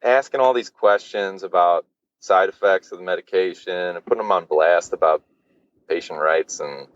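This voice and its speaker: A man's voice: low-pitched, moderate pace, highs cut off. A man guesting on a podcast, telling a personal story casually, with lots of fillers and swearing. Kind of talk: candid storytelling.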